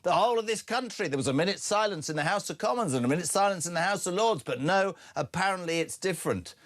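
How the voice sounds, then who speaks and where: Lively, blunt older male radio host. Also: sits high, fast. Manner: blunt, sardonic, animated with frequent fillers. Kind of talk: opinionated breakfast radio talk.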